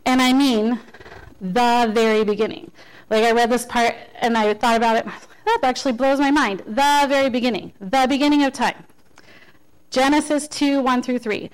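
A woman's voice: on the high side, steady tone, moderate pace, smooth, rough recording. Chatty woman giving a church message. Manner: conversational, self-deprecating, with frequent restarts. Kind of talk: informal sermon.

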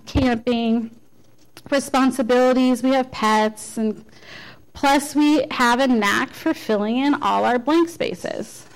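A woman's voice: on the high side, poor audio. A woman giving an informal sermon as a lay speaker, conversational and self-deprecating, with frequent restarts.

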